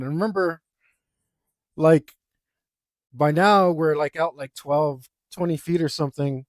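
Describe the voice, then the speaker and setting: A man's voice: on the high side, normal speed, no echo, clean studio sound. A young man casually telling a rambling, self-deprecating story, with lots of fillers, while he draws. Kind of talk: casual anecdote while drawing.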